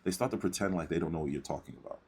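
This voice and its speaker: A man's voice: low-pitched, rapid-fire, darkish tone, slight background noise. A man giving casual, lecturing commentary on a debate clip, often asking "right?" between points. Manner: lecturing, preachy, repeats "right?".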